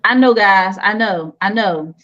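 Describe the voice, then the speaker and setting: A woman's voice: mid-range voice, unhurried, bright, forceful tone, highs cut off. A woman hosting a casual online quiz show, playful and teasing with the players. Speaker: game show host.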